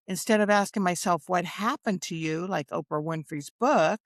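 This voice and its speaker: A woman's voice: lowish voice, moderate pace, few pauses, no room sound, studio quality. A woman hosting a candid talk, speaking earnestly and openly about her feelings. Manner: earnest, open, reflective, emotional. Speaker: show host in recovery. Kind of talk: candid conversation.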